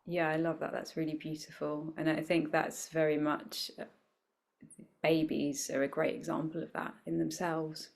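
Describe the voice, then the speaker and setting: A woman talks as an interview guest, her voice sitting fairly low. She is reflective and animated, slipping into small quoted voices as she explains her points. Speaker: guest, wellbeing coach for business leaders. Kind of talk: conversational interview.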